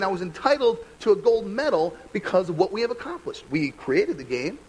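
A young adult American man, a pastor giving a conversational, animated sermon full of rhetorical questions. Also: sits high, fairly quick, hardly any pauses, slightly rough, rough recording. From United States.

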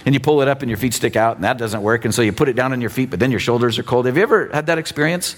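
A man in his fifties preaching a sermon as pastor, in a conversational, animated way with teasing asides. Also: mid-range voice, very fast. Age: 50s.

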